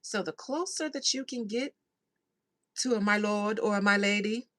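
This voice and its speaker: A woman hosting a podcast in a casual chat with listeners, laughing a lot and swinging between hushed asides and loud outbursts. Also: mid-range voice, moderate pace. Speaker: podcast host.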